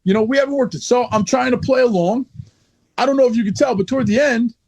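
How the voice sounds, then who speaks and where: A man's voice: extremely high pitch, quick pace, a little mellow, no echo. A man who is a wrestler guest, telling a story in a blunt, profane, heated way in a casual interview.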